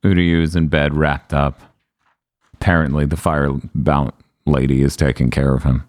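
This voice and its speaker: A man's voice: very deep voice, flat delivery, normal speed, darkish tone, no echo, studio quality. A man hosting a casual comedic podcast, recapping episodes, swearing freely and acting out character lines in jokey put-on voices.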